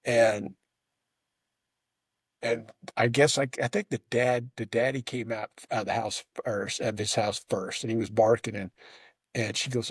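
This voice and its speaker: A man's voice: mid-range voice, fairly even intonation, measured pace, husky, no room sound. Man telling a rambling story, dry sound. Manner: rambling storyteller, frequent restarts and stammers. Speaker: host. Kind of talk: casual conversation.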